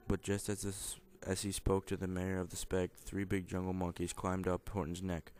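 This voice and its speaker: A man's voice: deep voice, completely flat delivery, normal speed, hardly any pauses, a little mellow. A young man reading a children's picture book aloud, in a plain, mostly unvoiced way with small stumbles and self-corrections. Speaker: student reader.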